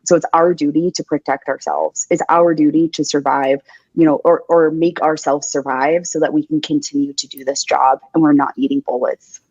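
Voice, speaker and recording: A blunt, emphatic young woman speaks with a low, deep voice, swearing freely and hammering her points home with repetition. The sound is dry and close, with a slightly dull, muffled tone. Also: steady tone, moderate pace, darkish tone, slightly rough, no echo. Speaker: podcast guest, paramedic. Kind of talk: candid interview talk.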